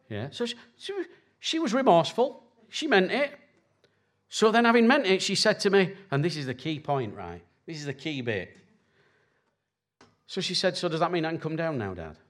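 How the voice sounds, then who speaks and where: A man in his forties preaches in an easy, conversational way, as if talking straight to each person in the room. His pitch swings widely from high bursts to low asides. He checks in with his listeners constantly and stays animated throughout. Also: moderate pace. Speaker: pastor. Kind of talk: conversational sermon.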